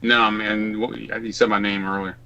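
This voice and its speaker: Male co-host, rambling, profane, tense bright tone. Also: lowish voice, little pitch movement, moderate pace, muffled recording. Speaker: podcast co-host. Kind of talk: casual chat.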